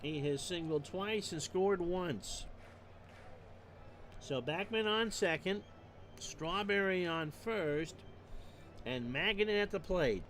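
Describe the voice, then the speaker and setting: A man calling baseball play-by-play for a streamed replay, measured and stat-heavy with dry asides. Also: high voice, animated, fairly bright tone, a little hiss or hum. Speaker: play-by-play announcer.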